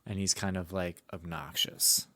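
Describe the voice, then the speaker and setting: A man's voice: sits low, steady tone, unhurried, sharp tone, no room sound, clean studio sound. A young man co-hosting a podcast, telling a rambling anecdote with swearing and laughter. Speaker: podcast co-host. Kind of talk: casual podcast chat.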